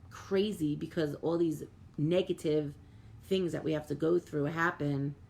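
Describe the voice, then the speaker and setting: A woman's voice: low voice, vocal fry. A middle-aged woman medium, hosting a live stream and talking earnestly to viewers, with lots of "like" and repeated words. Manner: reads out viewer comments and thanks viewers by name.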